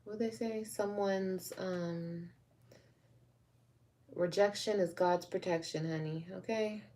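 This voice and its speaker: A woman's voice: fairly low pitch, steady tone, slow pace, mellow. A woman vlogger chatting casually with her viewers and answering their comments, frank and rambling, and calling them babe and girl. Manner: rambling, with restarts.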